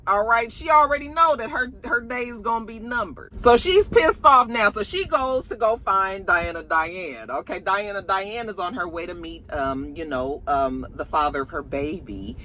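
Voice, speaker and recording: Woman, casual recap, sassy and gossipy, bright tense tone. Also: medium pitch, moderate pace, hardly any pauses. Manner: sassy, chatty, calls viewers honey and child. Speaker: TV episode reviewer.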